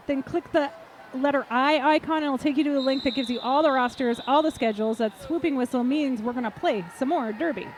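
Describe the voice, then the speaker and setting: A woman's voice: high-pitched, a little mellow, slight background noise, rough recording. A woman commentating roller derby live, chatty and jokey, laughing at her own puns.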